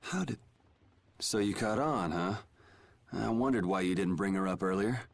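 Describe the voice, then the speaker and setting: A man's voice: low voice, moderate pace, creaky, a little hiss or hum. A cool, dry young swordsman. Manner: dry, dismissive, curt. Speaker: game character. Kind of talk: video game voice acting.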